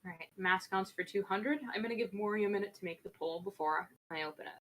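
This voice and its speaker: A woman's voice: medium pitch, fast, a bit bright. A woman hosting a livestream trivia game, upbeat and a bit scatterbrained. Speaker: game show host.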